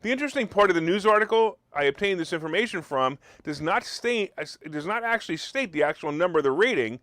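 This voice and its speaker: A man's voice: high-pitched, expressive, fast, a bit bright, no room sound, studio quality. A man hosting a political talk radio show, talking in sarcastic, mocking rants.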